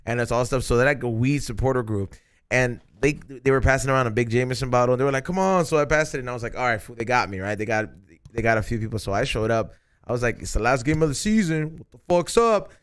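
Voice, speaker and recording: Casting: male podcast host, excitable storyteller, street slang, mid pitch. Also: fast, clean tone. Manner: animated storyteller, slangy, swears. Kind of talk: casual chat.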